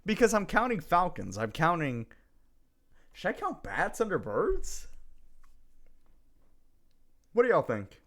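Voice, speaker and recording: A playful male streamer chatting live with his viewers and reading their messages aloud. His voice is a little high for a man and swings up and down a lot. He talks at an unhurried pace, with frequent giggles and bursts of excitement. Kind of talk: casual live-stream chat.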